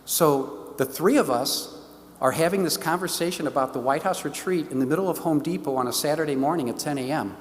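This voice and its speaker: A man's voice: a little high, fairly quick. A middle-aged man with a St. gives an enthusiastic, story-filled talk to a parish and acts out the conversations he tells. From St. Louis, Missouri. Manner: animated, enthusiastic storyteller who acts out the dialogue. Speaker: diocesan stewardship director giving a parish talk. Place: church. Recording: long reverb of a church hall.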